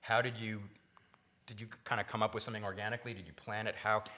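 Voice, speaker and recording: Male moderator, very low voice, eager questions with restarts. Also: little pitch movement, pushed and bright. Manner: halting, enthusiastic questioner. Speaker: panel moderator. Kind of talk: moderating a panel discussion.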